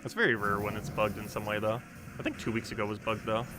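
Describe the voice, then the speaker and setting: A man's voice: fairly low pitch, fairly even intonation, fast, noisy background. A young man streaming a game, chatting casually and rambling with many ums while he plays and answers chat. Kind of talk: casual live-stream commentary while playing.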